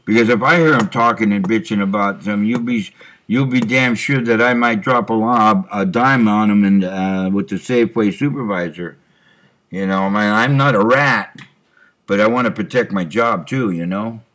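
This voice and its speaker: A middle-aged man, a truck driver, talking to himself in a rambling monologue recorded on his computer, with many fillers and frequent throat clearing. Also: fairly low pitch, normal speed, a bit bright. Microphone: computer microphone.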